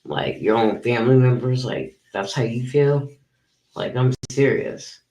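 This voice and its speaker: A man's voice: mid-range voice, measured pace, warm tone, echoey room, poor audio. A man hosting a commentary channel, ranting in a profane, incredulous way and saying he is tired.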